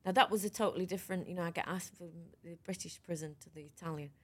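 A middle-aged woman tells her own story as a podcast guest, frank and animated, with a voice that sits a touch low. She keeps restarting her sentences as she goes. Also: fast, breathy edge. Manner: lively, frank, runs sentences together with restarts. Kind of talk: conversational storytelling interview.

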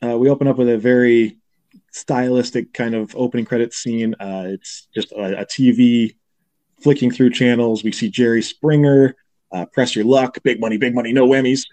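Mellow-voiced man recapping a movie. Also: mid-range voice, steady tone, moderate pace. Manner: recaps scenes with brief impressions of characters. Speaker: podcast co-host. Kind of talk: casual movie recap chat.

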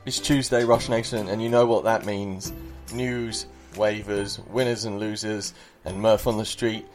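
A man hosting a fantasy football podcast, upbeat and excitable in casual chat. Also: lowish voice, a little slow, faint music behind. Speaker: podcast host.

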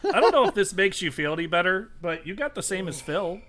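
A man running a tabletop game as game master, relaxed and reassuring. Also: high-pitched, brisk. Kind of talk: casual tabletop game chat.

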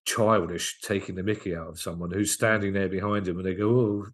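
A man's voice: low-pitched, steady tone, a bit bright. A man, a guest comedian, chatting casually on a podcast and telling anecdotes, often stopping and restarting mid-sentence. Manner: anecdotal, halting with frequent restarts.

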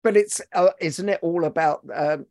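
Encouraging podcast host, dry sound. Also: male voice, on the high side, moderate pace, darkish tone, no echo. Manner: encouraging, laughs easily, reflective. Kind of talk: casual interview chat.

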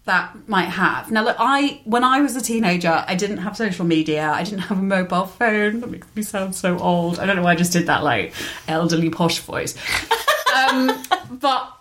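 Chatty woman, animated and laughing. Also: medium pitch, moderate pace. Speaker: guest author. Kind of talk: casual chat.

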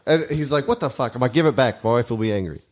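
A man's voice: medium pitch, quick pace, a little mellow. A man in casual comedic chat as a podcast co-host, rambling and joking through his stories. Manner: joking, rambling storyteller who laughs often.

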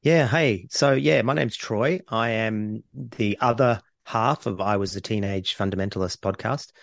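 A man guesting on a podcast as a co-host, telling stories in an easygoing, animated way over a remote call. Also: fairly low pitch, measured pace, vocal fry, no echo, studio quality. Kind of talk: casual podcast chat.

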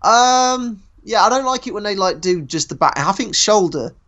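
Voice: medium pitch, lively intonation, normal speed, fairly bright tone, dull audio. An easygoing co-host with a Nuneaton Midlands accent, chatting casually about wrestling and hedging their views. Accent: Nuneaton, English Midlands. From Nuneaton, England. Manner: easygoing, hedging, laughs easily. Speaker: podcast co-host.

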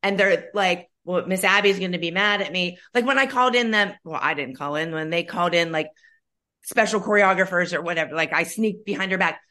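A woman's voice: fairly low pitch, a little fast, bright, forceful tone. A middle-aged woman, a mother, speaking frankly and earnestly from her own experience in casual podcast chat. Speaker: podcast co-host, mother of former dancers.

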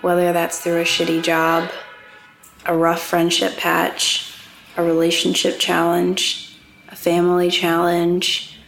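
A woman podcast host with a gravelly, low-set voice who speaks in an even, flat line, measured and affirming. A faint hiss of noise sits behind her. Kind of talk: casual heartfelt conversation.

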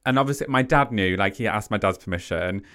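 Animated man telling a story. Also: fairly low pitch, fast. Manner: animated, acts out quotes. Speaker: guest. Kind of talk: personal storytelling in conversation.

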